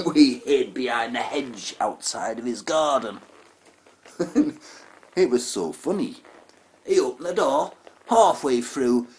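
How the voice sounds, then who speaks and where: A man telling a profane comic story, with chatty asides and laughter. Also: medium pitch. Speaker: comedian.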